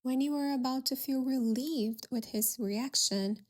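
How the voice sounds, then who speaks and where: A woman hosting a solo podcast, telling a story in a gentle, reflective way. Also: sits high, unhurried. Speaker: podcast host.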